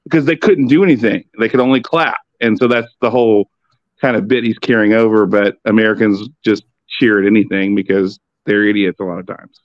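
A man talking in a relaxed, loose way, swearing freely as he explains, with a fairly low voice. The sound is dry and a little dull, like a modest home mic. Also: a little fast, no room sound. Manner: laid-back, profane, explanatory. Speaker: podcast guest on wrestling. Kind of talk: casual chat.

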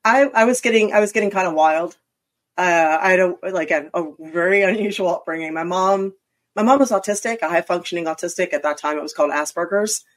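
A middle-aged woman from Philadelphia, chatting as an interview guest with quick, self-mocking asides. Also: fairly low pitch. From Philadelphia area, US. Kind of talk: casual interview chat.

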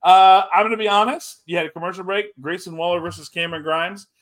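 Man, fairly high voice, co-host, rambling casual wrestling talk, animated. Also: quick pace. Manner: rambling, animated, frequent restarts. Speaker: podcast co-host.

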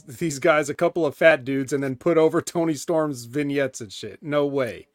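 Deadpan, mock-indignant podcast man. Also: on the high side, normal speed, hardly any pauses, dry recording, clean studio sound. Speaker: podcast co-host. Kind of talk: casual wrestling review chat.

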